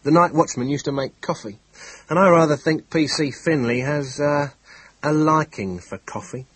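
A calm, efficient police inspector from a classic detective story, as a male reader puts him on. His voice sits a little higher and firmer than the narration, quiet but crisp and decisive. There is a faint edge of contempt under his clear, husky delivery. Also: normal speed, no room sound, low-quality recording. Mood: calm, matter-of-fact.

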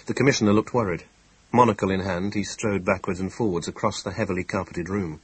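A man narrating an audiobook of a classic detective story in a measured, even storytelling manner. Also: low-pitched, slightly rough, no room sound, low-quality recording. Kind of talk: scripted narration.

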